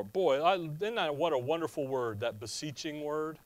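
A man's voice: a little high, animated, moderate pace, no echo. A middle-aged man preaching a conversational expository sermon and asking his listeners rhetorical questions. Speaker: pastor.

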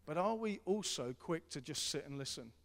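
Earnest preacher in a reverberant hall. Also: male voice, a little high, lively intonation, moderate pace. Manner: earnest, repetitive, swings from loud to hushed. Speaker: pastor. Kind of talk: sermon.

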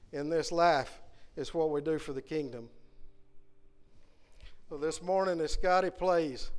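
A man's voice: on the high side, smooth. A man preaching a Sunday morning sermon in a church, earnestly putting question after question to the congregation. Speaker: guest preacher. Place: church sanctuary.

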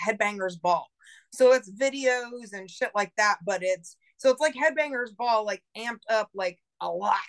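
A woman's voice: on the high side, a bit bright. A woman guest on a podcast, talking casually and rambling, swearing a lot and saying "like" constantly. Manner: profane, rambling, heavy use of "like". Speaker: podcast guest, independent filmmaker.

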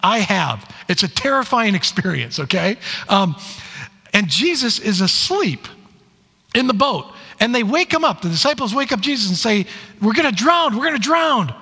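A male pastor delivers his sermon in a high, lively voice that swoops as he tells the stories and plays each quoted line. His tone rings bright, and the sound carries a long reverb from the church room. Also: moderate pace, vocal fry, husky. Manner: animated storytelling, acts out quoted lines.

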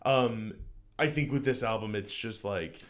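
Excitable, rambling male podcast co-host. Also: fairly low pitch, a little slow. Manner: excited, rambling, stumbling over his words, swears casually. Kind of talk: casual chat.

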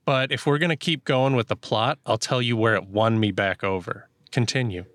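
A man in casual podcast chat who comments on a film in a dry, joking way. His voice sits at a middle pitch and sounds close, with no room echo. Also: normal speed, fairly bright tone. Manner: wry, joking. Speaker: podcast co-host. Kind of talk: casual movie review chat.

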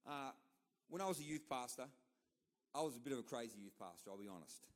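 A man's voice: medium pitch, lively intonation, fast talker. A middle-aged man with an Australian accent delivering a sermon, telling personal stories in a conversational way with repeated, emphatic asides. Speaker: pastor.

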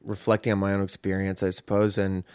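A man's voice: deep voice, completely flat delivery, fast talker, darkish tone, smooth, dry recording, studio quality. A man in his thirties hosting a podcast, talking candidly in a rambling, self-reflective way with plenty of swearing. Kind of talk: candid conversational chat.

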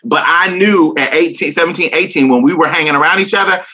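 A woman's voice: deep voice, fast, pushed and bright. A young woman talking candidly in an interview, blunt and emphatic, swearing freely and laughing often. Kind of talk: candid casual conversation.

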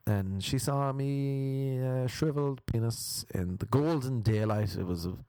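A man's voice: medium pitch, measured pace, mellow, a little hiss or hum. A young Irish man doing a crude, rambling comic monologue, laughing at his own stories and slipping into mock voices. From Ireland. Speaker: comedian.

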